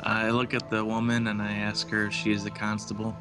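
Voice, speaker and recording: A man's voice: fairly low pitch, completely flat delivery, brisk. A man playing a tabletop game, speaking hesitantly with fillers. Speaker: player. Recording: music behind the voice.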